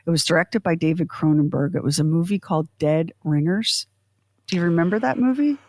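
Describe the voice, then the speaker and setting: A woman's voice: lowish voice, fairly quick, a little mellow, dry recording. A woman hosting a podcast, talking in a chatty, rambling, self-deprecating way. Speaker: podcast host. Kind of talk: casual chat.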